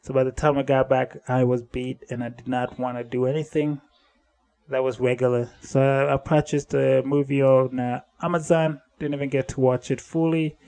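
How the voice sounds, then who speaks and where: A man's voice: flat delivery, normal speed, dark tone. Rambling man hosting a solo podcast. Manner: rambling, self-correcting, drifts between upbeat and low-key. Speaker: podcast host. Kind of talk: casual solo podcast monologue.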